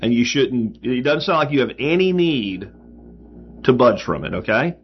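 A man's voice: mid-range voice, expressive, normal speed. Man, host voice, casual advice talk, lots of fillers, slightly dull lo-fi sound. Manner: conversational, frequent fillers, emphatic asides. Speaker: podcast host. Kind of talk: casual advice talk answering listener mail.

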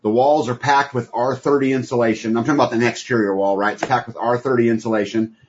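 A man's voice: medium pitch, steady tone, fast talker, slight background noise. A man talking as a guest in an interview, earnest and folksy with many fillers. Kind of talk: conversational interview. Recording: dull lo-fi audio.

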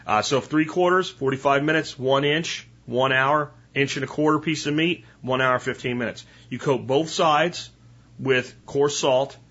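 Male podcast host, husky, mid-pitched, casual how-to talk, muffled lo-fi sound. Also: measured pace, fairly bright tone. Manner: chatty, instructional, with frequent "right?" asides.

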